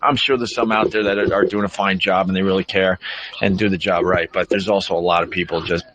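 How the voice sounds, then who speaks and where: Earnest halting man on radio. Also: deep voice, level tone, fairly bright tone, slight background noise. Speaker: radio show host. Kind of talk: studio talk. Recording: dull lo-fi broadcast audio.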